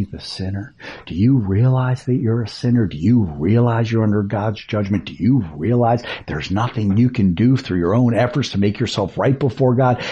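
A male pastor preaching on a radio show, emphatic and often dropping into hushed, whispered words. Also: lowish voice, breathy edge, highs cut off.

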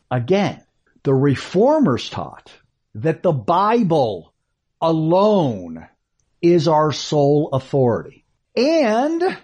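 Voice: medium pitch, darkish tone. A Bible teacher giving a teaching series, emphatic, repeating key phrases and asking rhetorical questions.

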